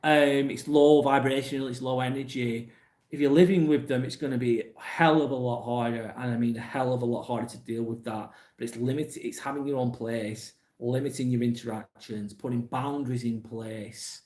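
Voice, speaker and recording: A man's voice: mid-range voice, fairly even intonation, brisk, darkish tone. Blunt English man in an echoey room. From England. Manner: blunt, plain-spoken, swears casually. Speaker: livestream host reading chat. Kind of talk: casual live chat.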